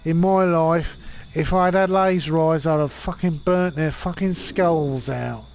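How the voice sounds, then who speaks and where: A man's voice: a little high, steady tone, measured pace, background noise. A drunk man in his forties rambling and swearing while streaming a game. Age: 40s.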